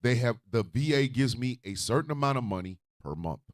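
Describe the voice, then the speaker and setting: A man hosting a radio show, ranting in a profane, fiery way and often shouting. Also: medium pitch, lively intonation, a little fast, dry recording, studio quality.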